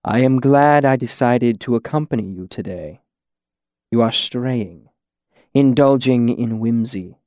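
A man voicing a cool, patient, menacing shadowy lord who speaks softly and with careful measure. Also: mid-range voice, a little slow, clear, resonant tone, no echo, clean studio sound, lightly acted. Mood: cold, patient.

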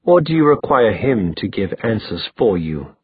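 A man voicing a menacing young male villain who speaks in a quiet, low, taunting voice. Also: very animated, moderate pace, breathy edge, no room sound, exaggerated voice. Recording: dry tinny phone-like sound.

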